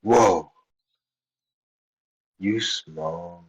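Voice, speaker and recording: A man's voice: deep voice, drawn-out words, breathy edge, voice pushed down, exaggerated voice, poor audio. A man voicing a big, green dragonborn barbarian who talks in simple, broken sentences. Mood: teasing.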